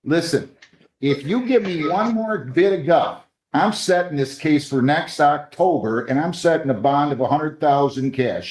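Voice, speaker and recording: A man's voice: a little high, animated, a little slow. Brief: man, judge, stern and scolding, courtroom bond hearing.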